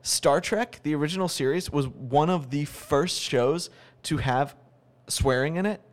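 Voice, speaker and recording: An American man in casual conversation as a podcast co-host, telling stories with quick asides and laughing easily. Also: a little high. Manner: chatty, tells anecdotes with quick asides. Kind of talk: casual chat.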